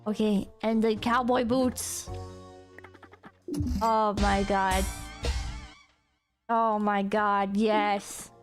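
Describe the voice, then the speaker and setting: High, slow-talking woman streamer, excitable and squealy, casual game chatter. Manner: excitable, bursts into squeals and laughter, chats with viewers. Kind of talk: casual gameplay commentary.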